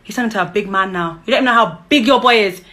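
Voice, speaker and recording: A woman's voice: mid-range voice, very fast, pushed and bright. A young woman ranting angrily at her child's father, confrontational and mocking, repeating herself. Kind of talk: angry live-stream rant.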